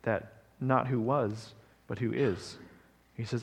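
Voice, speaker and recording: Male pastor, casual preaching style with rhetorical asides, some vocal fry, echoing sanctuary. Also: mid-range voice, steady tone, slow. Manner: conversational preaching, frequent "right?" asides. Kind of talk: sermon.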